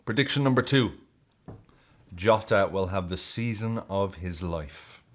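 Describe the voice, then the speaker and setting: A man hosting a football video, giving jokey, excitable and sweary casual commentary. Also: low-pitched, unhurried.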